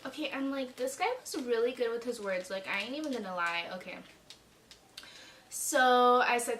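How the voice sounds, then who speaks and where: A woman's voice: fairly high pitch, animated, moderate pace, a bit bright. A young woman telling a dramatic, chatty storytime vlog, swearing freely. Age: young adult. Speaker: vlogger. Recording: echoey room, mic a bit far.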